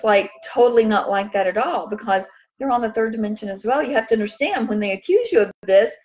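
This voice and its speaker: A woman hosting a casual spiritual talk, chatty and rambling, who turns animated when she acts out what others say. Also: medium pitch. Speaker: host.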